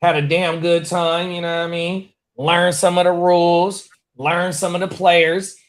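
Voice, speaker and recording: A man's voice: high-pitched, flat delivery, measured pace. A man hosting a sports watch party in casual, profane, hyped-up chat. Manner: hyped, slangy, swears a lot.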